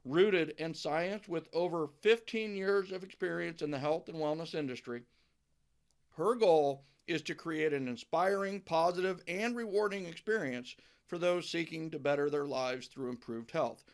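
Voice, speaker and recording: A man's voice: a little high, normal speed. A middle-aged man hosting a podcast interview, talking emphatically and often repeating words as he starts a thought. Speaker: podcast host. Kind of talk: enthusiastic interview chat.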